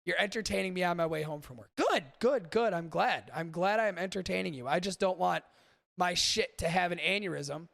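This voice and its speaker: Brief: male podcast host, high gravelly voice, dry close sound, swearing and rambling with his chat. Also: a little fast, fairly bright tone, no echo. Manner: profane, rambling, talks to chat. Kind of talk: casual livestream chat.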